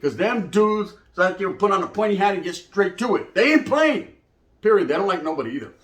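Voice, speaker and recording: Man, slangy storytelling, fairly high voice, echoey room. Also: fairly quick. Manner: streetwise slang, animated, acts out quoted voices. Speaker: podcast host telling prison stories. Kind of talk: casual storytelling monologue.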